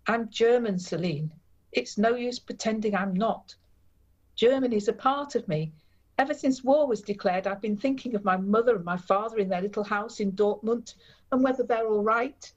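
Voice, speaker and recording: A woman's voice: on the high side, normal speed, lightly acted. A woman reading the part of a young German baker, earnest and sorrowful, in a dull recording. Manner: pleading, sad.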